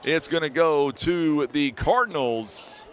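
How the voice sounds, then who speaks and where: A man with a Southern American accent calling a high school basketball game on local radio, chatty and folksy, reading sponsors and weather between plays. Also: slow, crowd noise. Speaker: play-by-play announcer. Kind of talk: radio sports commentary.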